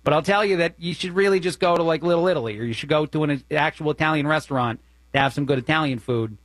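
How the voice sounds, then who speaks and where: A man's voice: a little high, quick pace, no room sound. A man with a New Jersey accent, a fill-in radio host giving opinionated, conversational commentary with plenty of fillers.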